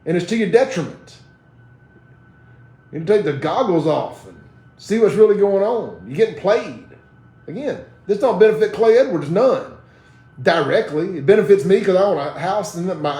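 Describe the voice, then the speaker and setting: A man's voice: high-pitched, expressive, normal speed, dark tone, roomy sound. A man with a Mississippi Southern accent, hosting a live online talk show and ranting in a blunt, combative, defiant way. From Jackson, Mississippi, USA. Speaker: host of a live social media talk show.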